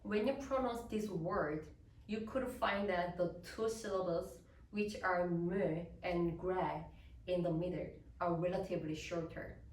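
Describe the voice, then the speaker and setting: Slow, careful woman lecturer in a hall. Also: lowish voice, steady tone, a little mellow, a little hiss or hum. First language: Korean. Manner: deliberate, explanatory, reading prepared notes. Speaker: soprano giving a lecture recital. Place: recital hall. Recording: roomy, echoey hall with distant mic.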